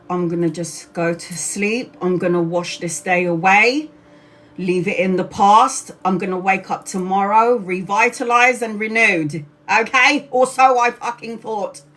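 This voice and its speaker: A tired woman, a tarot reader, telling a personal story to her livestream viewers in a casual, animated way, swearing freely. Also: mid-range voice. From Brazil. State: exhausted.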